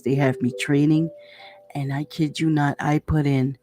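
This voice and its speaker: A woman hosting a motivational podcast from home, talking quietly so her sleeping children stay asleep, and greeting her listeners warmly by name. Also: deep voice, little pitch movement, moderate pace. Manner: speaks softly, hushed, to avoid waking children. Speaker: podcast host. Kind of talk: casual motivational talk.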